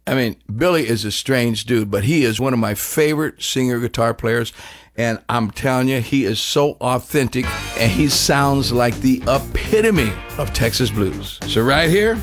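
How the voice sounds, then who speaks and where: A man hosting a show, telling a rambling, animated story in a casual chat. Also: medium pitch, normal speed, music in the background.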